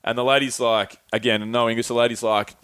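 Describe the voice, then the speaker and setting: A man's voice: mid-range voice, little pitch movement, fairly quick, fairly bright tone, clean tone, dry recording. A young Australian man casually telling travel stories, rambling and swearing with lots of filler words. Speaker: podcast co-host. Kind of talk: casual chat, travel storytelling.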